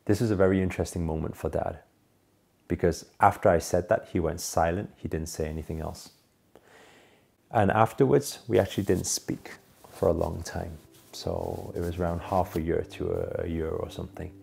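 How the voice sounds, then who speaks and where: A man telling a personal story as a monologue, earnest, rising to emphatic peaks and then dropping low and soft. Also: fairly even intonation, normal speed, gravelly, breathy edge.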